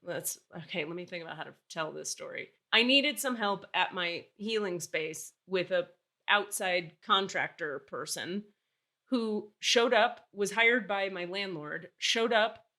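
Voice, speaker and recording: A woman in her forties with a bright, sharp tone. She tells a personal story in a casual podcast chat. She sounds candid and exasperated, swears freely, and acts out the dialogue. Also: mid-range voice, a little slow. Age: 40s. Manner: animated, acts out dialogue while telling stories. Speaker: podcast host.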